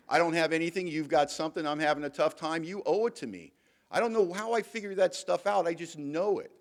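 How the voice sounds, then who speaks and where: A middle-aged man giving a candid, emphatic recovery talk to a convention audience and telling his own story with self-mocking humor. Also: fairly high pitch. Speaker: AA speaker. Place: convention hall.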